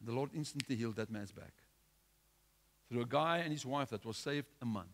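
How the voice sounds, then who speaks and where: Exhorting male preacher, mid-pitched. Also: fairly quick, a little hiss or hum. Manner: exhorting, with restarts and repetition. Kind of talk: sermon.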